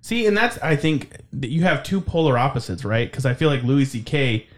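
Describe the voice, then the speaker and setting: A man's voice: medium pitch, moderate pace. A man co-hosting a casual podcast, joking and rambling, laughing often. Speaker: podcast co-host. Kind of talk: casual chat.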